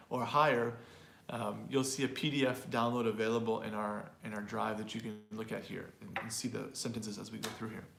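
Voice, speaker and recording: A language teacher and host runs an online pronunciation lesson, repeating example phrases aloud to show how they sound. His medium-pitched voice has vocal fry and a slightly bright quality, and the recording is reverberant. He keeps things loose and chatty, with fillers and small laughs.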